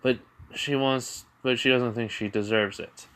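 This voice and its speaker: A man's voice: medium pitch, steady tone, a little slow, fairly bright tone, smooth. A man improvising fan-fiction narration, rambling with frequent restarts and fillers. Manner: rambling, full of "you know" and restarts. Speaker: storyteller.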